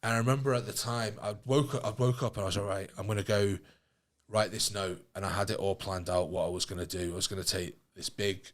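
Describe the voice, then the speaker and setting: A man, a doctor, guesting on a podcast and telling a personal story frankly and emotionally, swearing freely, with halting restarts. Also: fairly low pitch, fairly even intonation.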